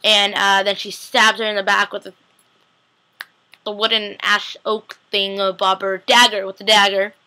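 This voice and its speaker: A woman recapping a TV episode in a casual vlog, rambling excitedly with lots of fillers. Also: medium pitch, normal speed.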